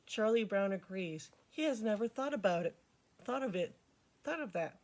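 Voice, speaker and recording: A woman's voice: mid-range voice, animated, normal speed, a little mellow. A woman reading a picture book aloud to children as a storytime host, with chatty asides to her listeners.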